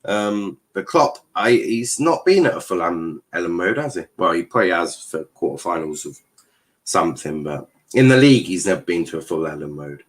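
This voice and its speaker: A man's voice: sits low, expressive, moderate pace. A man hosting a live football watchalong, commentating casually with jokes, swearing and lots of fillers. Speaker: host.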